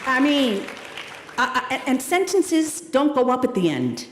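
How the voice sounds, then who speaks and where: A woman's voice: sits high, measured pace, crowd noise, background noise. Emphatic woman speaking in an echoing hall. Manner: warm, emphatic, addresses graduates as "loves" and "darlings"; animated, dramatic delivery with playful asides. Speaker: commencement speaker. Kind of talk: commencement speech. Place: large hall at a school ceremony. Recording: echoey hall, long reverb.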